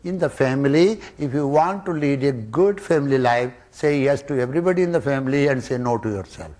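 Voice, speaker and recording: A man giving a spiritual discourse to students, emphatic and full of rhetorical questions, jumping from loud rises to soft drops. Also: medium pitch, fairly quick. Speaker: spiritual teacher.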